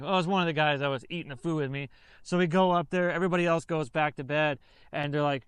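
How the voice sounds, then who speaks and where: An army veteran recounts a training story in a loose, rambling way, circling back and correcting himself as he goes. His voice sits high and sounds smooth and clear. The recording is dry and close. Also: steady tone, quick pace, fairly bright tone, no echo. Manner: rambling, filler-heavy, self-correcting. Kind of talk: casual storytelling.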